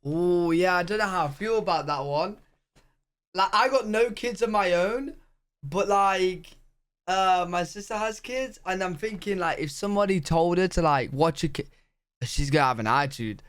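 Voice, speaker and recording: A British man reacting to a video in casual, chatty commentary with quick comments. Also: high voice, a bit bright, clear, resonant tone, no room sound. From United Kingdom.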